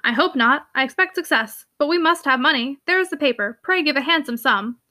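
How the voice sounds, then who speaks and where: A woman's voice: high voice, expressive, brisk, sharp tone. A woman reading the part of a pompous, thick-skinned male curate who talks down to everyone. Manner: haughty, disdainful, preachy.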